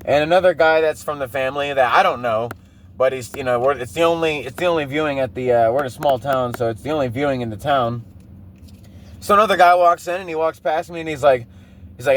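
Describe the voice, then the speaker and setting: A man's voice: a little high, normal speed. A man in his thirties hosting a podcast, telling a rambling, profane personal story and often breaking into laughter. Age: 30s. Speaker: podcast host. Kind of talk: casual monologue.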